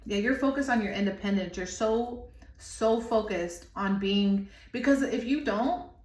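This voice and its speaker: An unhurried woman in her thirties with a mid-range, darkish voice offers an intuitive tarot reading in an echoey room. She is emotional and wanders as she hunts for the right words.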